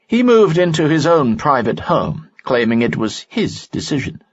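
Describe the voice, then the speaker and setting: A man voicing a wry, knowing middle-aged informant, his voice raised above his own narration, with a husky sound on a dull, lo-fi recording. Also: mid-range voice, very animated, normal speed, pitched above the performer's own voice.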